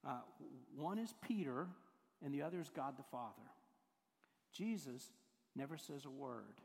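A man's voice: medium pitch, animated, unhurried, vocal fry, darkish tone. A male pastor, giving a conversational sermon full of acted-out quotes. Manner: conversational storytelling, acts out quoted voices. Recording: hall reverb.

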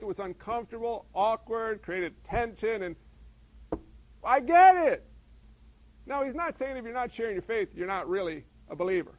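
A middle-aged man preaching from the pulpit with a high, gravelly voice. He talks to the congregation like a friend, peppering the sermon with quick rhetorical questions. The sound is dry and close, with no room echo. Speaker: pastor.

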